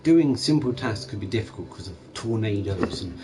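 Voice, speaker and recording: A young man chatting casually and profanely about video games, rambling and animated. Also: lowish voice, moderate pace, music in the background, low-quality recording. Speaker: gaming channel streamer.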